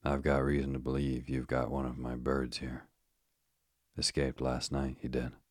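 A burly asylum keeper, as a man reads him, cheerful and callous, with an offhand, colloquial way of talking. His voice sits extremely low and husky, and the delivery stays flat. It sounds close and dry, like a storybook reading. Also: moderate pace, no room sound.

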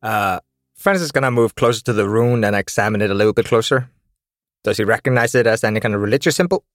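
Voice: medium pitch, fast talker, dry recording. Jokey tabletop player, dry sound. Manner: jokey, laughs at own rolls. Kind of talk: casual tabletop play.

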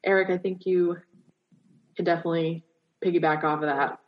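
A woman's voice: lowish voice, fairly even intonation, a little fast. A young woman from Southern California who teaches theater, chatting casually on a video call and filling her talk with "like". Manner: chatty, many "like" fillers. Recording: dull lo-fi call audio.

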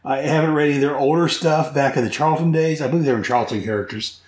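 A man's voice: fairly high pitch, fast, darkish tone. Man, podcast host, casual rambling comic recap, enthusiastic, echoey room. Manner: rambling, enthusiastic, self-correcting.

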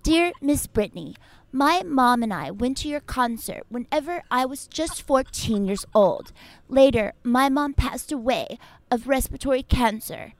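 A woman putting on a famous pop star reading fan mail aloud in a stilted, oddly muddled accent that sounds half put-on. The voice sits higher than plain talk, and each word is drawn out slowly and formally. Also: lively intonation, dry recording. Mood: mock-formal.

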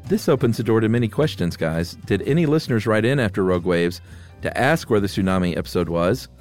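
Male podcast co-host, low-pitched, casual, laughs often, faint music underneath. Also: quick pace. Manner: relaxed, laughs easily. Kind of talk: casual chat, reading listener mail.

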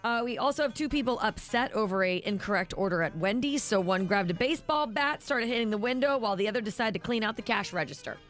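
A woman's voice: fairly high pitch, lively intonation, fast talker, few pauses, fairly bright tone, faint music behind. A woman co-hosting a radio morning show, reading quirky news items and reacting with dry exasperation to her partner's antics. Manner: exasperated, dry, eye-rolling. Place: radio studio.

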